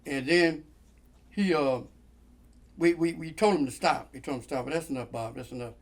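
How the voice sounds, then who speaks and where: Man, fairly high voice, casual storytelling, animated, acts out voices, laughs often. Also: moderate pace. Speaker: guest storyteller.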